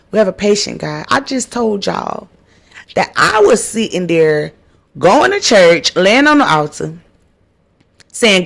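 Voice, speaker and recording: A woman hosts her own podcast and tells a heartfelt faith testimony. She talks earnestly, repeats phrases for emphasis and speaks to her listeners as y'all. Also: medium pitch. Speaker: podcast host.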